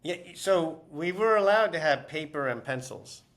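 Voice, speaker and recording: A man's voice: a little high, lively intonation, normal speed, a bit bright. A man being interviewed as an author, telling stories casually with many fillers and restarts.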